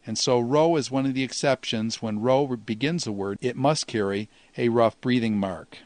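A man explains Greek grammar in a steady, methodical teaching voice. He slows down to sound out each Greek example. The recording is dry and close, with no room echo. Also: mid-range voice. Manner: measured, explanatory, slows to pronounce Greek words.

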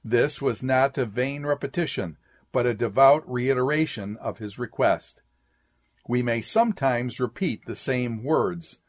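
A man reading an old sermon aloud in a measured, deliberate way, speaking each "quote" and "end quote". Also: medium pitch. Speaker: sermon reader.

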